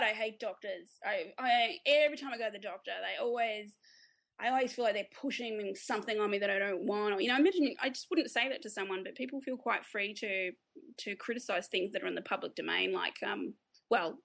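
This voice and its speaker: A woman's voice: mid-range voice, a little fast, gravelly, fairly bright tone. An Australian woman, a guest author, chatting casually in an interview, laughing easily and restarting her sentences often.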